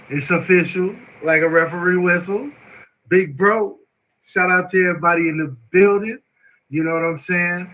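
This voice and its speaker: A man hosting a live show, excitable and emotional, repeating words and filler phrases as he talks. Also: sits high, slight background noise, low-quality recording. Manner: excitable, emotional, repeats words and "you know what I'm saying". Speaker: host.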